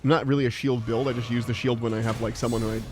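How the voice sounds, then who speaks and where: American guy rambling while he streams a game, lots of "like"s, mid-pitched, faint hum behind. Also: flat delivery, rapid-fire. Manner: rambling, chatty, many "like" fillers; laughs easily while playing. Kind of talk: live gameplay commentary and chat.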